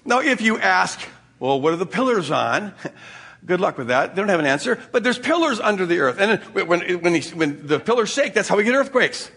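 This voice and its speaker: Husky older man preaching with folksy humor. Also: high voice, big pitch swings, brisk, sharp tone. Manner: folksy storytelling with chuckles and restarts. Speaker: pastor. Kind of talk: sermon.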